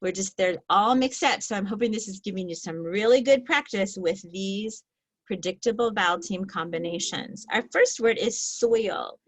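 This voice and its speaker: A woman teaching a reading lesson, slowly stretching out the sounds of each word in a patient, clear way. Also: mid-range voice. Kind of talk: slow, patient phonics lesson.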